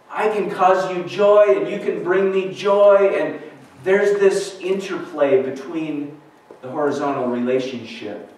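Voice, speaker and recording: A man preaching a sermon as a pastor, earnest and questioning, reading scripture aloud between his points. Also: high voice. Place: church sanctuary. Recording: echoey church recording from far off.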